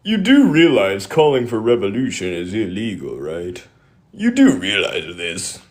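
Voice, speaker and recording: A man's voice: lowish voice, huge pitch swings, unhurried. A man voicing a smug online commenter who taunts and threatens in a mocking tone. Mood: taunting.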